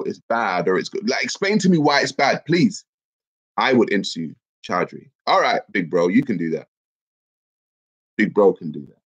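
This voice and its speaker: A man, bunged up with a cold, hosting a casual livestream and reading out viewer comments. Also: fairly low pitch. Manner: reads viewer comments aloud, lively and chatty. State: congested, bunged up. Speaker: livestream host. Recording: dull lo-fi stream audio.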